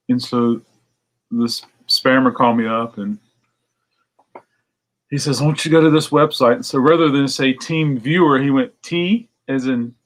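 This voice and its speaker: A man hosting a casual morning chat to viewers from his record shop, telling a story and acting out phone calls in high excited voices. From United States. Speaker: record store owner hosting a morning show.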